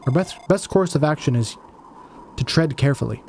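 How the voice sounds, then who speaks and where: A man's voice: fairly high pitch, expressive, brisk, creaky, a little mellow, a little hiss or hum. A man voicing an anxious young noblewoman who pleads with her lord to be careful. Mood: pleading. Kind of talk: fan audio drama acting.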